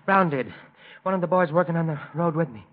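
A man plays a flustered road foreman, out of breath and tripping over his words. His voice sits high. It comes through a dull, muffled old radio broadcast. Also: fairly quick, close to an everyday voice. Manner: stammering, urgent, repeats words. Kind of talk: 1940s radio acting.

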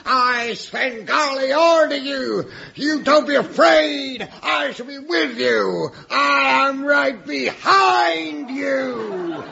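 An actor playing a scheming, theatrical male hypnotist villain in a radio comedy sketch, with a hammy, drawn-out delivery. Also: high-pitched, animated, husky, full character voice. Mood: rousing. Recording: dull old radio broadcast with loud hiss. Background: studio audience laughter.

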